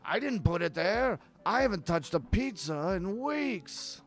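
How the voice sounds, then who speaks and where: A man voicing a gruff, blunt older father, speaking defensively. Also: sits high, sing-song, unhurried, soft background music, voice pushed up.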